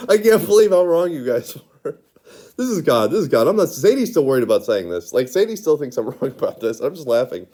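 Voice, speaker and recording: A man with a slightly high, mellow voice talks briskly and with great animation in an offhand, wandering monologue. Frequent giggles, nonstop "like," and plenty of restarts mark his speech.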